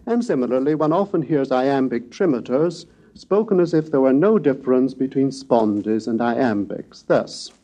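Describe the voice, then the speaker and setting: An older man giving a measured, scholarly lecture on ancient Greek pronunciation, reading verse slowly in a chanted way. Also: mid-range voice, expressive, dark tone. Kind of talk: recorded lecture with recitation.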